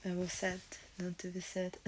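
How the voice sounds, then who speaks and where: A young woman streaming live, talking casually in a halting, hesitant way as she searches for words, emotional and teary. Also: lowish voice, monotone, a little hiss or hum.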